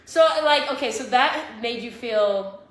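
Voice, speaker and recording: A woman's voice: a little high, unhurried, crowd noise. A young woman hosting a podcast, chatting casually with playful interjections and teasing. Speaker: podcast host. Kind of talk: casual chat. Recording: echoey room.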